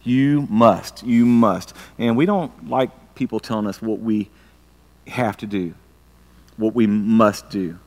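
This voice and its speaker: Earnest preacher in an echoing hall. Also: male voice, on the low side, a little mellow. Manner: earnest, halting with restarts and filler words. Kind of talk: sermon. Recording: long reverb of a large hall.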